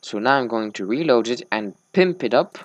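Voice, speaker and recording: A man's voice: medium pitch, expressive, normal speed, no echo, highs cut off. Male let's-play host, sleepy and slurring, rambling chat, dry close sound. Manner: rambling small talk, slurred words. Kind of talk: casual gameplay commentary.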